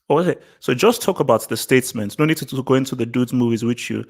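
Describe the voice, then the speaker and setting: A man's voice: medium pitch, fast talker. A man hosting his own vlog, giving casual opinion commentary in an emphatic way, repeating phrases and restarting sentences. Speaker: vlog host.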